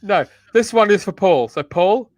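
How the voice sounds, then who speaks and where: A man's voice: high voice, expressive, moderate pace, a little hiss or hum. A man hosting a casual comedy chat, playfully running a quiz and reading out viewer guesses. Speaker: host running a lookalike quiz.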